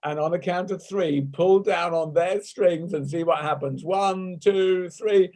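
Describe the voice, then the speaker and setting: This British man's voice sits high and is a little mellow, and he keeps a measured pace while leading laughter yoga over a video call. He's at a desk at home on a desk mic, the recording low in quality, chatting playfully and erupting into laughter.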